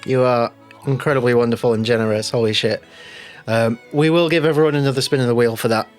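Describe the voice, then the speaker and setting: A man's voice: medium pitch, fairly even intonation, fast talker, faint music behind. A man running a tabletop role-playing game as game master, chatty and laughing often.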